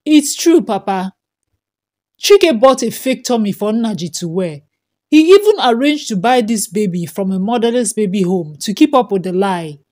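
A woman's voice: mid-range voice, lively intonation, normal speed, darkish tone, close to an everyday voice. Woman voicing an earnest young woman. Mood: urgent. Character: young woman, supportive sister-in-law.

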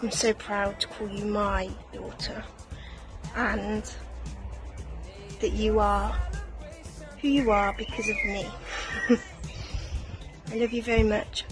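A mother recording a soft, affectionate and slightly self-conscious birthday video message on a phone. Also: medium pitch, rough recording.

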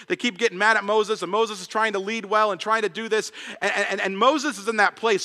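A man preaching a sermon, animated, often repeating words and acting out the voices of the people in his story. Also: high voice. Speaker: pastor. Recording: long hall reverb.

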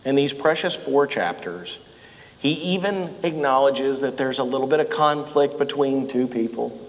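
A middle-aged man preaching a sermon as pastor, telling animated stories and shouting out the lines he quotes. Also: medium pitch, moderate pace, big-room sound, rough recording. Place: church sanctuary.

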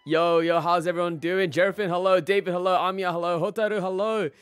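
A man's voice: high voice, steady tone, fast talker, smooth, dry recording, soft background music. A young man live-streaming a game, casually greeting his chat by name and laughing often.

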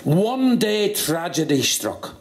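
A man's voice: high voice, slow. A man with a Northern Irish accent telling a long stand-up joke, acting out the characters. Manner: lively storytelling, acts out dialogue. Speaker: comedian.

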